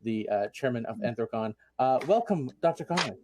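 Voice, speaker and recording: A man's voice: medium pitch, lively intonation, a little fast, background noise. A man hosting a casual convention panel, rambling with many ums and restarts. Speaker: convention chair, panel host.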